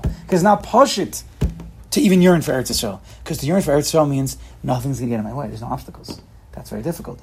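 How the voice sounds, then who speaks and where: A man's voice: on the high side, a little mellow, husky. Emphatic man giving a Torah lecture. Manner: emphatic, repetitive, mixes Hebrew and Yiddish terms. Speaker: Torah teacher.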